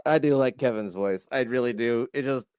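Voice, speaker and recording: A man's voice: mid-range voice, normal speed, a little mellow, smooth, no room sound, studio quality. A man player chatting casually, teasing the others and stammering over his words. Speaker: tabletop game player. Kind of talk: casual chat.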